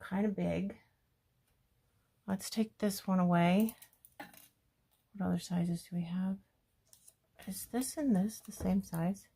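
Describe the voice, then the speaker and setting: A woman hosting a scrapbooking video, chatting and thinking aloud as she works, often dropping to a soft murmur. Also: medium pitch, slow, creaky, long pauses, husky. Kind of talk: casual crafting talk-through.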